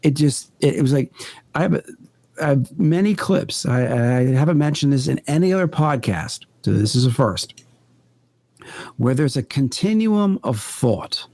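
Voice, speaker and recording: A man guest on a podcast, a paranormal investigator, telling his experiences in an earnest, deliberate way. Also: mid-range voice, animated, darkish tone. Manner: earnest, deliberate, builds stories step by step. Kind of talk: conversational storytelling in an interview.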